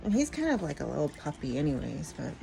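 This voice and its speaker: A woman's voice: deep voice, very animated, fast talker, creaky, noisy background. A middle-aged woman chatting casually at home in a morning vlog, rambling and laughing often. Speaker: vlogger.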